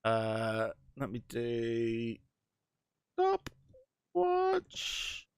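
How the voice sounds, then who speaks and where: A man's voice: medium pitch, moderate pace, no room sound. A man in his thirties from Northern Ireland with a Northern Irish accent, co-hosting a podcast and telling stories in a rambling, chatty way full of fillers. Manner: rambling storyteller, lots of fillers and animated asides. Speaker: podcast co-host. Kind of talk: casual chat.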